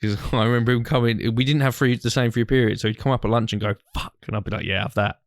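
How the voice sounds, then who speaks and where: A man's voice: medium pitch, fairly even intonation, rapid-fire, no echo, studio quality. A young man, co-hosting a podcast and telling rambling, sweary stories in casual banter. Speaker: podcast co-host.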